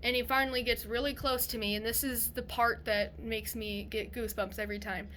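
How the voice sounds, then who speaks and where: A woman's voice: fairly high pitch, fairly even intonation, a little fast, fairly bright tone, slight background noise. A young woman vlogging to a phone camera, telling a story casually in a rambling way with many restarts.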